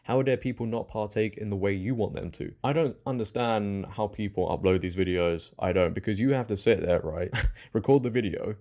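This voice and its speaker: A man's voice: lowish voice, moderate pace, dark tone. A young man hosting political commentary in a mocking, sarcastic tone. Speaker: commentary channel host.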